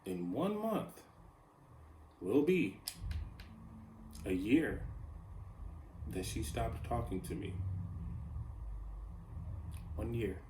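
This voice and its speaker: This podcast host, whose voice is fairly low and darkish, talks on his own in a loose, confessional ramble heavy with fillers. The room sounds echoey, and there's a little hiss or hum on the recording.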